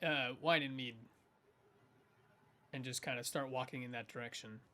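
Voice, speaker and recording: Bright-voiced guy stumbling through what his character does, lots of "like". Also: mid-range voice, steady tone. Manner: halting, filler-heavy. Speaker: player. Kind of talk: casual tabletop play.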